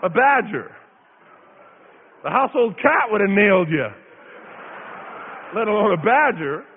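A man from Idaho preaching a sermon, telling a story in an animated, dramatic way with lots of repetition. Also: high voice, big-room sound, narrow, tinny audio. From Idaho, USA.

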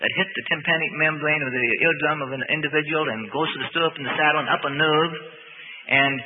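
A man delivers a sermon in a folksy, meandering manner, trailing into fillers as he goes. His voice sits a little high for a man. It comes through a thin, phone-like radio broadcast with a long reverb and a faint hiss. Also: quick pace. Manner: folksy, rambling, with many fillers. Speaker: preacher.

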